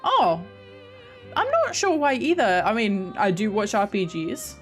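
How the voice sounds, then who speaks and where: Soft background music plays as a young woman with an Australian accent talks with her live stream viewers in a sing-song, mid-range voice at a measured pace. She's giggly, rambling, and often interrupts herself to start over.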